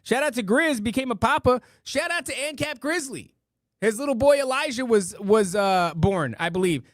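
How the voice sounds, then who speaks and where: A man with a high-set voice hosts a casual live stream, playful and jokey as he reads out donations. He stumbles and restarts over the numbers. The sound is dry and close. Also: lively intonation, moderate pace, no echo. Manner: playful, jokey, with repeated silly catchphrases; stammers and restarts while reading amounts. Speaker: podcast host reading out donations.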